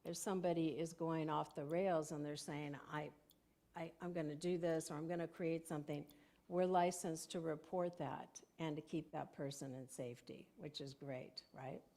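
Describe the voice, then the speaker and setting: A woman's voice: deep voice, fairly even intonation, moderate pace, warm tone. An older woman minister giving a conversational sermon in a church sanctuary, telling stories and laughing often.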